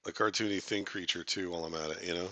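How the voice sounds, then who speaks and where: A man's voice: low voice, fairly even intonation, quick pace, sharp tone. A man hosting a casual live stream, chatting with viewers in a rambling, joking way, full of fillers and restarts.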